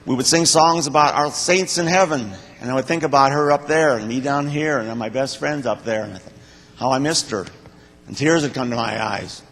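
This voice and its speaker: An older man stands before a church congregation and tells his own story in a plain-spoken, heartfelt way, often pausing and restarting. His voice sits at an ordinary pitch for a man. It rings through the long reverb of a church hall. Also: a bit bright. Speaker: church member giving a talk to the congregation. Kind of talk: personal testimony.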